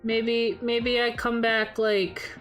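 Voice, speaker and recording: A woman's voice: a little high, slow pace, faint music behind. Tipsy, gushing woman streamer. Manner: animated, swears freely, gushing fangirl. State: tired and a little tipsy. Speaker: VTuber streamer. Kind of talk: casual chat stream.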